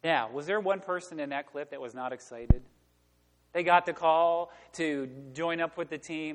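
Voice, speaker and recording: Brief: male pastor, higher-pitched voice, emphatic call-and-response preaching, long church reverb. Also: moderate pace. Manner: emphatic preaching, asks the congregation to fill in words. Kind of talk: sermon. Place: church sanctuary.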